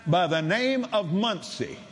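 An older man preaching, telling a story in a halting way with repeated words, then rising to loud, emphatic preaching. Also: high voice, animated. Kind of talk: sermon storytelling.

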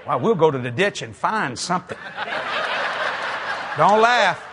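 A man's voice: a little high, measured pace, background noise. A man with a Cajun accent from South Louisiana, preaching a sermon full of jokes and laughter. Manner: animated, joking storyteller who laughs at his own lines. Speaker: guest preacher. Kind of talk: humorous sermon.

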